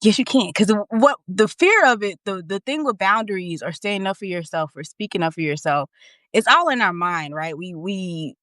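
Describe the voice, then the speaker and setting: A woman hosting a live video, telling a personal story in a candid, emphatic way, repeating and restarting when the feeling runs high. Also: expressive, normal speed, a bit bright, dry recording. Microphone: phone or webcam, live stream.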